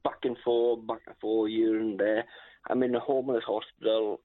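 A man's voice: fairly low pitch, little pitch movement, normal speed, no echo. Rambling man on a tinny phone line. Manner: rambling, hesitant, searching for words. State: a bit drunk. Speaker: caller. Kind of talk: phone-in call.

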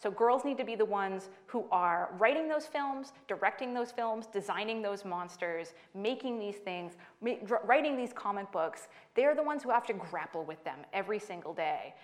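A young adult woman author giving a book talk to an audience, lively and laughing through her stories. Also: mid-range voice, moderate pace, hardly any pauses. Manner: animated storyteller, laughing through anecdotes.

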